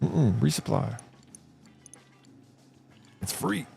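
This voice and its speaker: Speaking very slowly in a medium-pitched voice with vocal fry, a middle-aged gaming streamer offers casual live commentary over faint music. He rambles, swears and tells animated stories as he plays.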